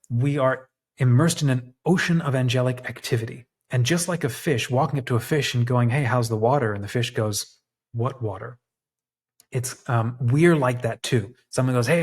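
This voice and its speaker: Thoughtful man musing with many restarts. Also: medium pitch. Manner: thoughtful, searching for words with frequent restarts. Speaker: podcast host. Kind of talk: reflective monologue.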